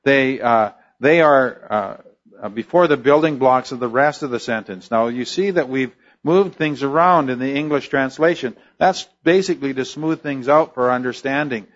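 Male preacher, explanatory sermon delivery with frequent restarts, mid pitch, slightly dull recording. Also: moderate pace. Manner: teacherly, explains word roots, many fillers and restarts. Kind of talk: expository sermon.

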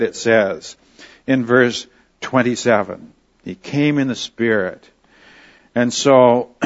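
A man from Canada preaching a verse-by-verse sermon, leaning on key words and dropping soft at the ends of phrases. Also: lowish voice. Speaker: pastor. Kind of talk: expository sermon. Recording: slightly dull lo-fi sound.

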